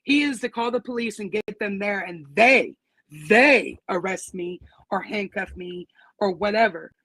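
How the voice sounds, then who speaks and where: A woman's voice: medium pitch, measured pace, fairly bright tone, no echo, poor audio. A woman with a teenage daughter, telling what happened to her in casual, profane, indignant storytelling. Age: adult with teenage daughter. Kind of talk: casual conversation.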